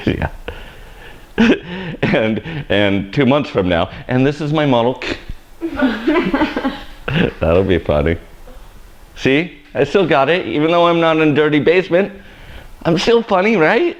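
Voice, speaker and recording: A sweaty man hosts a live haircutting tutorial in a hair salon education studio, cracking self-deprecating jokes and rambling as he cuts. His slightly high voice is very animated yet slow, with frequent pauses, and the sound is lo-fi.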